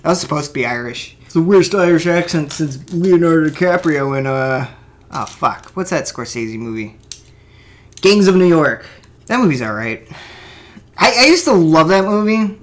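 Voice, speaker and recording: A man's voice: fairly high pitch, animated, moderate pace. Rambling, swearing young man talking to himself. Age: 20s. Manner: mutters and swears to himself, jokey asides. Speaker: vlogger building a toy kit. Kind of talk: rambling casual monologue. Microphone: desk microphone.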